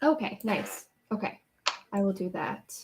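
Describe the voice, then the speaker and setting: A woman playing a tabletop game, deliberate and playful as she explains her moves. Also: mid-range voice, huge pitch swings, background noise. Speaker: player. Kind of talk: casual tabletop game play.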